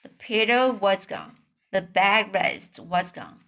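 Slow, hesitant woman reading a storybook. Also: medium pitch, big pitch swings, a bit bright. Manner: hesitant, many fillers when commenting. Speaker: reader.

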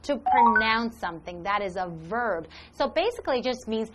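A woman's voice: on the high side, lively intonation, moderate pace, loud music behind the voice. A woman hosting a live English lesson, upbeat and encouraging as she explains words with examples.

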